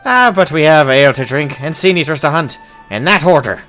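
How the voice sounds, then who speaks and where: A man's voice: on the high side, lively intonation, a little fast, pushed and bright, soft background music. A man voicing a jovial, hard-drinking male dwarf adventurer in a put-on Irish accent, hearty and boastful. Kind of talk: voicing game dialogue aloud.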